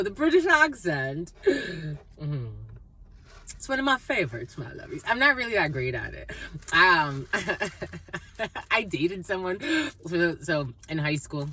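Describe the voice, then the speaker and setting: A woman doing a casual, rambling intuitive reading, playful and quick to laugh. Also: low-pitched, sharp tone, husky. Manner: rambling, playful, laughs often, terms of endearment. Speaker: psychic tarot reader.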